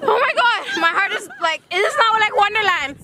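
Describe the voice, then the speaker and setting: A young woman vlogging outdoors at a farm fair on a handheld camera, jittery and excitable with loud exclamations. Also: very high voice, fairly quick, a loud crowd, very noisy. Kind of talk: casual vlog chatter.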